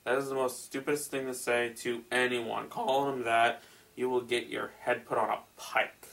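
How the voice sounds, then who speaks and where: A man reading a story aloud and breaking in with sarcastic, incredulous commentary that rises into loud exclamations. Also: medium pitch, flat delivery, moderate pace, creaky. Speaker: creepypasta reader and commentator.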